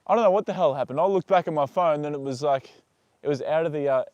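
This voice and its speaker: A man with a slightly high, fast, a little mellow voice is live-streaming casually while tending his horse's leg. He mutters as he works, swears freely, and chats with both viewers and the horse. The audio is lo-fi with no echo.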